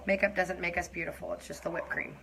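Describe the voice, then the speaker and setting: A young adult woman chatting openly to her viewers as she does her makeup on a live stream, confiding and laughing softly. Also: lowish voice, flat delivery, fast talker, creaky, background noise. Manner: warm, confiding, breaks into soft laughs. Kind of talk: casual heartfelt chat to viewers while doing makeup.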